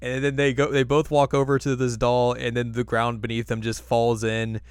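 A man in a relaxed podcast chat with a mid-range voice and a close, dry sound. He recaps the story between laughs. He often slips into quick silly character voices. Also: medium pitch, clean tone, no echo. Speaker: podcast co-host recapping an anime episode. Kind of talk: casual chat.

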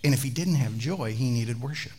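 A man, a pastor, preaching a sermon with animated storytelling and chatty asides to the congregation. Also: medium pitch, fairly quick.

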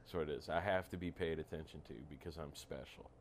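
A man in casual podcast chat, thinking aloud in halting, reflective talk with repeated words. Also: extremely low pitch, steady tone, a little hiss or hum.

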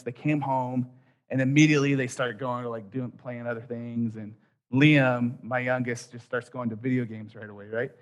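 A man in his thirties preaching a sermon, telling a story with quoted voices and dropping soft at key points. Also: medium pitch. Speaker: pastor.

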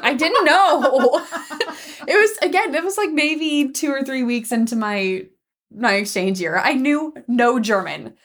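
Animated woman telling stories while laughing. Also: on the high side, measured pace. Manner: animated storyteller, laughs often. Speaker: podcast co-host. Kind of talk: casual chat.

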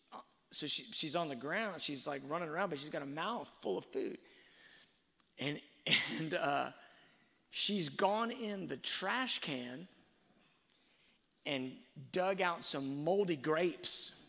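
A man giving a sermon-like talk on faith and parenting, telling stories slowly and reflectively, with fillers and restarts. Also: fairly high pitch, pushed and bright. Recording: long hall reverb.

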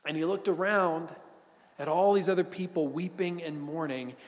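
A man preaching a sermon as a pastor, swinging from emphatic bursts to hushed, almost whispered moments. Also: a little high, steady tone, moderate pace, big-room sound.

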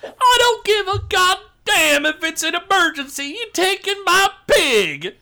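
Casting: man playing a furious orc barkeep, yelling, pitched way up. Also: sing-song, unhurried, heavily acted. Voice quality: shouting, gruff. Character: angry male orc tavern owner.

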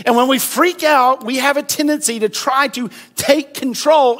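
A pastor delivers a sermon in a conversational way. His voice sits high for a man. He acts out the people in his story with animated delivery. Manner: animated, conversational preaching with acted-out quotes.

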